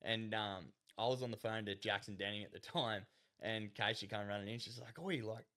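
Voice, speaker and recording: A man's voice: fairly low pitch, flat delivery, fairly quick, bright, forceful tone. An Australian man chatting as a podcast guest, rambling through stories, laughing often and acting out what others said. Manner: rambling, laughs often, acts out quoted voices. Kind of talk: casual storytelling chat.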